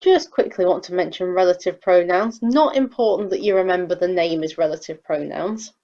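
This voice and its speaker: A woman's voice: fairly low pitch, normal speed, warm tone, lo-fi sound. A woman teacher explaining sentence structure in a recorded grammar lesson, patiently reading example sentences aloud. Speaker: English teacher.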